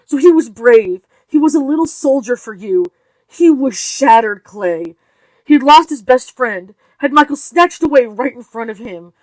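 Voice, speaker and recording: A woman reading the part of a tense mother near breaking, speaking in a clipped, intense voice that rises in pitch and volume. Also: normal speed, dry recording, close to an everyday voice. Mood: furious. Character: tense, grieving mother raising her voice.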